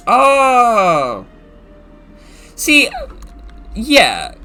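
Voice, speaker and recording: A man's voice: mid-range voice, big pitch swings, moderate pace, long pauses, pushed and bright, faint music behind. A man streaming a farming game, chatting casually and musing aloud as he rambles.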